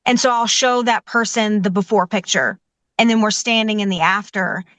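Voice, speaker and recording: A woman's voice: medium pitch, moderate pace, no echo. A woman, a professional organizer being interviewed, talking eagerly and telling stories with many "you know"s. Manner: enthusiastic, warm storytelling with many "you know"s. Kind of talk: conversational interview answers.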